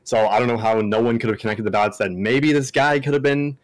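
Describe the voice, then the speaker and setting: A young man guesting on a casual gaming podcast, speaking relaxed with a slight lisp. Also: medium pitch, a little fast, no echo.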